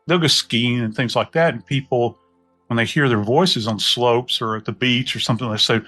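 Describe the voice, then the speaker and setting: A middle-aged man from New Orleans with a Southern US accent, a podcast guest telling reflective stories in an unhurried, folksy way. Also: mid-range voice, steady tone, fairly bright tone, faint music behind. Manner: unhurried, folksy, many "you know" asides. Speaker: podcast guest, death investigator. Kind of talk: reflective storytelling conversation.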